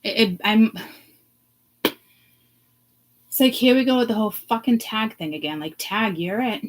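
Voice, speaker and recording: A woman vlogger ranting to her viewers, blunt and profane, swinging from hushed asides to loud outbursts. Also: on the high side, lively intonation, measured pace, noisy background. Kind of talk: ranting to camera.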